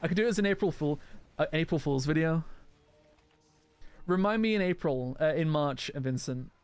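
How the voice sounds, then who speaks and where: Guy streaming a game and reading chat, bit high-pitched, smooth dry close mic sound. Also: brisk, dry recording, faint music behind. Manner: rambling, answers chat, restarts often. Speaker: gaming video creator. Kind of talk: casual live gameplay chat.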